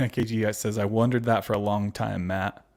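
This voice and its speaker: Low-ish and steady, the host's voice is a little mellow and moves at a moderate pace. This man runs a casual livestream, reading out comments from viewers and responding chattily, peppered with fillers and laughs.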